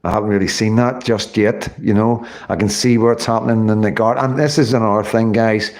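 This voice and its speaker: A man's voice: fairly low pitch, fairly even intonation, a little fast, darkish tone. Man, Northern Irish accent, middle-aged, casual livestream talk, rambling, frequent swearing. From Northern Ireland. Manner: rambling, swears often, many fillers.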